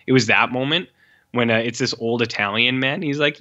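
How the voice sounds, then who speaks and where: Bright-voiced man chatting animatedly. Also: mid-range voice, fairly quick, muffled recording. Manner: animated, swears, re-enacts movie lines with exaggerated reactions. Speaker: podcast co-host. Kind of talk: casual film chat.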